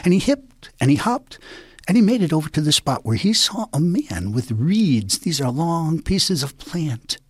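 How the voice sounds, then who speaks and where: A man telling a folk tale in a playful, hushed way, often sinking to a whisper. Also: a little high, sing-song, a little slow, slightly rough, no room sound. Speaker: storyteller.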